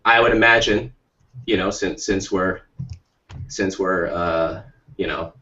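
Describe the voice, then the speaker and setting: A man's voice: low-pitched, takes it slowly, bright, forceful tone. A man co-hosting a podcast, telling a rambling, jokey story with many restarts. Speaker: podcast co-host. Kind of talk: playful storytelling chat. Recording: muffled lo-fi stream audio.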